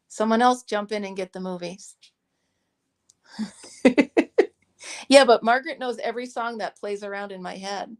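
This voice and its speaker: Woman, casual host, playful, laughs a lot, mid-pitched voice. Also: gravelly. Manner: playful, laughs often, rambling. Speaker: host of a crochet club stream. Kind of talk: casual chat.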